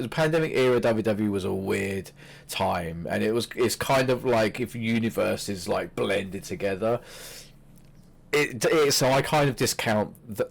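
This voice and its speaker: A man co-hosting a podcast, chatting casually about wrestling, animated and swearing freely. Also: lowish voice. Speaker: podcast co-host.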